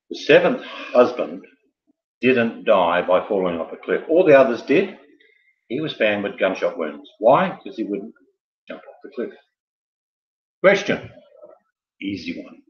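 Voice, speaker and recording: A man runs a casual quiz, reading questions and wandering into jokey, rambling asides. His voice sits on the low side. The sound is roomy and a little dull, like a lo-fi home recording. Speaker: quiz host. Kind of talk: casual live quiz hosting.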